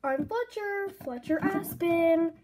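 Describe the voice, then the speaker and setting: A woman's voice: extremely high pitch, slow, darkish tone. A woman voicing an eager male country horse in a toy horse role-play video, straining to sound proper.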